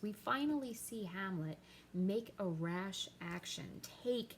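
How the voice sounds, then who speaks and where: A woman teacher explaining a play to her class, reading the quoted lines aloud with lively emphasis. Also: medium pitch, slow, a little hiss or hum, rough recording.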